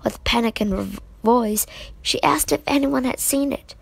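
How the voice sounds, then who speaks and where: A woman reading a children's book aloud in an unhurried way, with small slips. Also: on the high side, gravelly, husky, no echo. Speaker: storybook reader.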